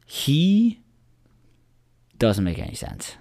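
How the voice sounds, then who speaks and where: A man's voice: mid-range voice, huge pitch swings, drawn-out words, creaky, mellow, no room sound. A man co-hosting a podcast, chatting casually about sports in a rambling, profane way full of filler words. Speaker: podcast co-host.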